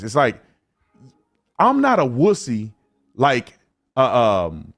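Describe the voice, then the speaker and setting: A man's voice: medium pitch, huge pitch swings, measured pace, pauses often. A man on a played clip from a commentary show, talking boastfully and confrontationally.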